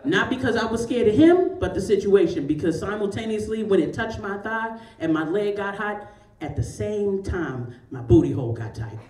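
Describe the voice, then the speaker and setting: A woman's voice: medium pitch, expressive, moderate pace, mellow, echoey room, distant mic, slight background noise. A woman in her forties doing a stand-up comedy set, telling a profane story with big swings of her voice. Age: 40s. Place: comedy show in a large store.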